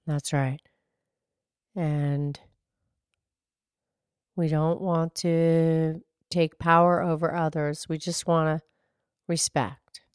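A woman voicing a gentle, low-voiced podcast co-host who speaks softly and slowly. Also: flat delivery, smooth, dry recording, clean studio sound. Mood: calm. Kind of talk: casual chat.

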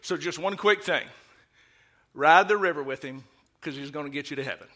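A middle-aged man from Louisiana, preaching a folksy, joking sermon in a church that swings into loud preaching. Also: a little high, normal speed, heavy background noise. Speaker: guest preacher. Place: church sanctuary.

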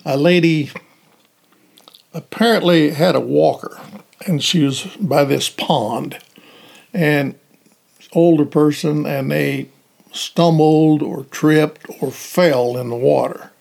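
An older man, a retired police officer, recalling events in halting, hesitant phrasing during an interview. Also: on the high side, vocal fry, a little mellow. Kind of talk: storytelling interview answers.

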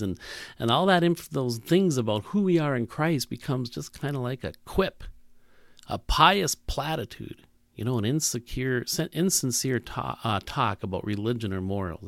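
Gravelly-voiced male preacher. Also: mid-range voice, no echo, clean studio sound. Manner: reflective, rhetorical questions, frequent restarts. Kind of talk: sermon.

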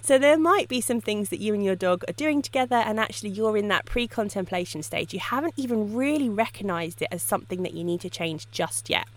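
A woman hosting a casual solo podcast on dog training, telling stories in a lively way and often laughing. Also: medium pitch, fairly quick, few pauses. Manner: lively storytelling with frequent laughs.

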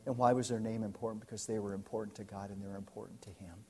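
An American man, a pastor, preaching a sermon and telling a story, swinging from loud to hushed. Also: on the low side, steady tone, racing, slight background noise. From United States.

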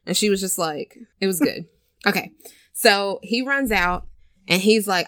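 A woman casually chatting and retelling a film scene, animated and storytelling. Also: medium pitch, measured pace, dry recording, studio quality. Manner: chatty, animated storyteller who acts out quotes. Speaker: podcast co-host. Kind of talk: casual chat recapping a film.

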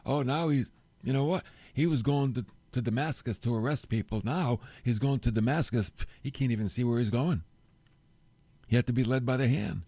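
A middle-aged man preaching a sermon, telling the story with animated delivery and acting out the quoted lines. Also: mid-range voice, moderate pace, dry recording. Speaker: pastor.

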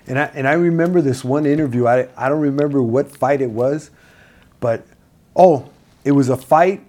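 A man's voice: medium pitch, moderate pace, darkish tone. A man hosting a casual interview podcast, talking in an eager, affirming, fan-like way. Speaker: podcast host.

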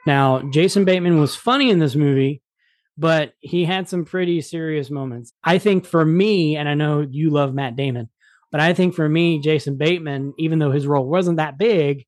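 A man's voice: on the high side, normal speed, no echo. A man hosting a casual movie review chat, talking with enthusiasm and often repeating words as he goes. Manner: enthusiastic, frequent word repeats. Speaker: podcast host.

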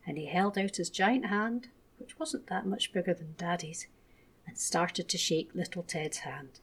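A woman gently reading a children's bedtime story aloud as a storyteller. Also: fairly low pitch, a little slow, slightly rough.

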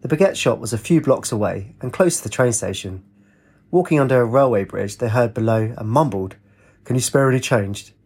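A man narrating a story in a steady, even reading voice. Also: medium pitch, a little fast, husky. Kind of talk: audiobook narration.

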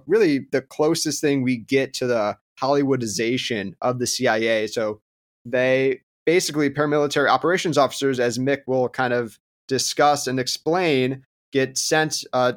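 A male podcast co-host with a mid-range voice. He opens the episode in an easy, conversational tone. His speech is loose and full of "uh" and "you know". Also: medium pitch. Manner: relaxed, conversational, many fillers. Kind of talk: podcast intro chat.

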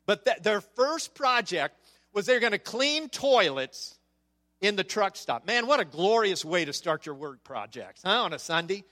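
A man telling a story in a sermon to a congregation, animated and checking in with the audience as he goes. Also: high-pitched, measured pace. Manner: animated, with frequent "okay?" asides to the audience. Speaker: speaker on church outreach. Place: church service before a congregation.

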